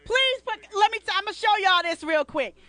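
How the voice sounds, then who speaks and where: Woman, radio host, high voice, sassy, animated, dry close mic. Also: a little fast, dry recording. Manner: animated, sassy, talks to listeners directly. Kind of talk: casual talk radio commentary.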